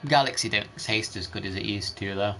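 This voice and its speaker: A man's voice: fairly low pitch, brisk, vocal fry, sharp tone, rough recording. Rambling man. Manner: rambling, chatty, mild swearing. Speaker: gaming streamer. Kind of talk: casual gameplay commentary. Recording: background noise.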